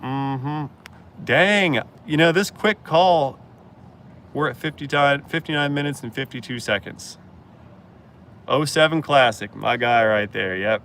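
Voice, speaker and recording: A man's voice: mid-range voice, measured pace, a bit bright, slight background noise. A man hosting a casual live-stream Q&A as a mechanic, blunt and joking as he answers chat.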